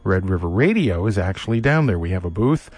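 A male public radio host reading station announcements and chatting in a relaxed, halting way with many fillers, from a studio. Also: low voice, slightly rough, dry recording. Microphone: studio microphone.

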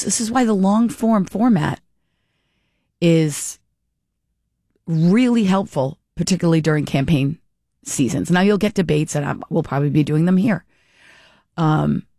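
Chatty talk radio hostess, dry studio. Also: female voice, lowish voice, a little slow, long pauses, warm tone, no room sound. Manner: chatty, rambling, many restarts. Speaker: radio talk show host.

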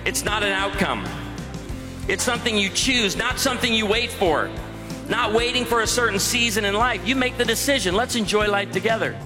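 A man's voice: high-pitched, moderate pace, music in the background. A man giving a humorous sermon to a live audience, telling stories with lots of energy. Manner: energetic, joking storyteller. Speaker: guest speaker. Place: large university auditorium. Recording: long hall reverb, faint noise.

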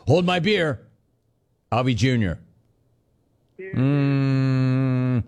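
Man, sports talk host, casual chat, joking riffs on viewer comments, mid-pitched voice. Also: expressive, measured pace. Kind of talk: casual chat reading listener messages.

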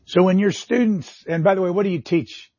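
An older man over sixty hosting a radio talk show, introducing a clip and questioning his guest in a measured, conversational way. His voice is husky and sits a little high. The sound is dry and slightly dull. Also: a little mellow, no echo.

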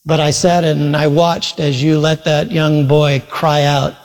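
A man's voice: on the high side, flat delivery, unhurried. A man preaching a sermon, telling a long story earnestly and acting out the quoted voices. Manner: earnest storytelling with quoted retellings and sudden loud shouts. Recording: long hall reverb.

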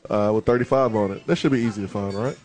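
A man's voice: on the low side, fast, a little mellow. A man, a sports radio co-host bantering and teasing on a live broadcast from a bar. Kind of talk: casual sports talk banter.

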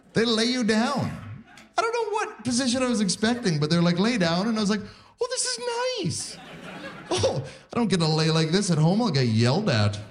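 A man's voice: sits high, sing-song, a little fast. A man in his forties performing a self-deprecating stand-up set on a live stage, acting out other people's voices. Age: 40s. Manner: self-deprecating, acts out voices of wife and doctors. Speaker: stand-up comedian. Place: live theatre stage with audience. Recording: live stage recording with crowd noise. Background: audience laughter.

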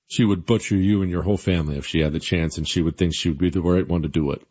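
A man's voice: steady tone, fast talker, darkish tone. Sarcastic male talk radio host. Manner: sarcastic, mocking, pitchy sales patter. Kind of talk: opinionated talk radio with live ad reads. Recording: dull lo-fi radio audio.

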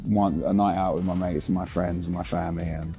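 A man's voice: deep voice, a little fast, faint music behind. A young adult man, an actor guest, chatting casually and rambling with easy laughs in a bar. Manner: relaxed, rambling, laughs easily. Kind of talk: casual interview chat.

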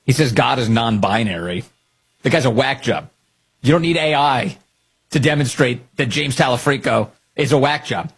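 A man's voice: mid-range voice, normal speed, vocal fry, slightly rough. A middle-aged man hosting opinionated political commentary, sarcastic and mocking, laughing often.

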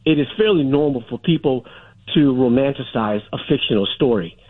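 Male caller, middle-aged, husky tone, tinny phone line, insistent. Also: mid-range voice, fairly quick, no room sound. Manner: insistent, talks over interruptions. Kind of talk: radio call-in talk.

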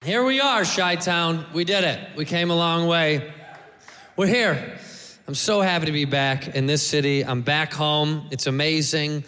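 A man doing a stand-up comedy set, loud and brash, acting out the voices of people in his bits. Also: fairly high pitch, a little slow, big-room sound, a faint crowd.

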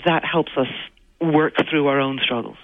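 A woman's voice: sits low, fairly even intonation, normal speed, dry recording. A woman from the United States with a slight Irish accent, a guest author explaining her ideas at length in a radio interview, heard in a replayed clip. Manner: thoughtful, reflective, explains at length. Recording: tinny phone-like archive radio clip.

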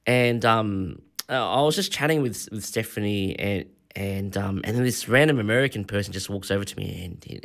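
A man's voice: fairly low pitch, moderate pace, vocal fry, a bit bright. Rambling Australian man, radio host. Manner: rambling, chuckling storyteller with many fillers. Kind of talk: casual radio chat.

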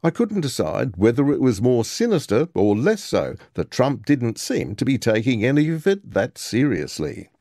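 Wry male reporter with lively pitch. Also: normal speed, few pauses, no room sound, studio quality. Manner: wry, sardonic commentary. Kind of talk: scripted narration of a news report.

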